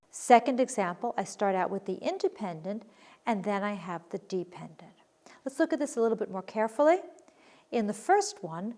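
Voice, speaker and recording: A woman teaching a recorded writing lesson, patiently explaining sentence structure and reading examples aloud. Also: a little high.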